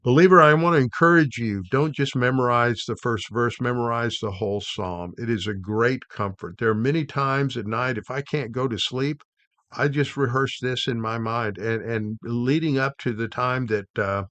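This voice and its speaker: A middle-aged man giving a devotional Bible teaching, unhurried, often pausing with "uh" and restarting phrases. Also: mid-range voice, a bit bright, no echo. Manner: unhurried, with frequent "uh" pauses and restarts.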